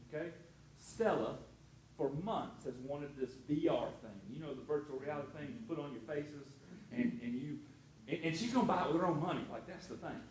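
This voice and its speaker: A man in middle age delivers a sermon as a pastor, drifting from story to story with casual asides and frequent restarts. His voice sits fairly high for a man, and it rings out through a reverberant church space. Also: slight background noise. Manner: storytelling, conversational with many restarts.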